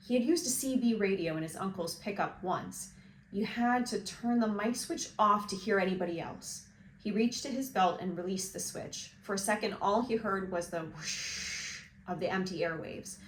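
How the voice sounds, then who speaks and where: A woman reading a novel aloud for a book club, in a measured, expressive storytelling voice. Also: mid-range voice. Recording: roomy with faint hiss.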